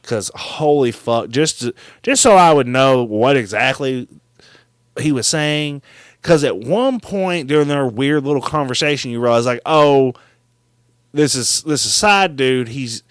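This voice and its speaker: A man co-hosting a podcast, recapping a movie in animated, swear-filled casual chat. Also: medium pitch, a little slow, smooth, dry recording. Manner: animated, swears freely, mimics characters.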